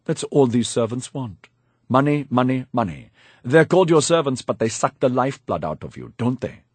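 A man's voice: medium pitch, expressive, normal speed, darkish tone, husky, no echo. A man voicing a sneering, stingy male relative of the master who mocks servants, in an audiobook. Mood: mocking. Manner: mocking, complaining.

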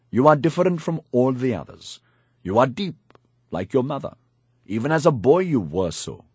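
A man's voice: mid-range voice, a little mellow, breathy edge, no echo. A man voicing a scheming old village grandmother, bossy and coaxing in a matter-of-fact way, in an audiobook narration.

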